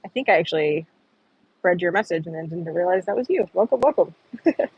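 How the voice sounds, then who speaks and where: A woman's voice: fairly low pitch, expressive, brisk, darkish tone, highs cut off, a little hiss or hum. A woman chatting casually on an outdoor livestream, rambling and answering viewer comments. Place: outdoors on a humid morning.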